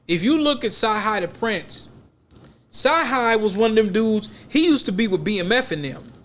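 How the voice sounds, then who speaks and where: Male podcast co-host, high-pitched, casual and rambling, emphatic slang delivery. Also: animated, normal speed, fairly bright tone.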